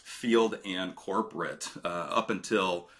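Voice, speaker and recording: Middle-aged man, low crisp voice, rambling interview guest. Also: slow pace, fairly bright tone. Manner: rambling, many fillers and restarts. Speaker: former retail director, guest. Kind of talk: casual interview storytelling.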